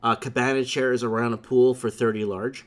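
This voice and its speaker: With a crowd audible behind him, a man hosts an easygoing talk show, recounting stories forcefully and repeating his pet catchphrases. His medium-pitched voice stays level at a moderate pace.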